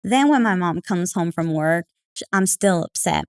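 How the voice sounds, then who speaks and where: A woman's voice: on the low side, normal speed, clear, resonant tone, no echo. Chatty woman telling stories, dry sound. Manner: chatty, full of fillers like "like" and "you know"; animated, acting out quoted remarks. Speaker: podcast guest. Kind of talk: casual conversational storytelling.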